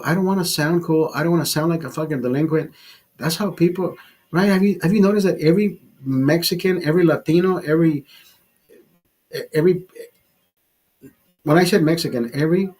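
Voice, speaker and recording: A man's voice: fairly high pitch, brisk, long pauses, a little mellow. A man of fifty ranting in a casual monologue, blunt and profane, often restarting and repeating his words. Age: 50s. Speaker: vlogger.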